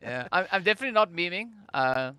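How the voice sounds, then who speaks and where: A South African man commentating a live esports match with a bright, fairly high voice. His delivery is measured and analytical, with an easygoing tone. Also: expressive, clean tone. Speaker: esports caster.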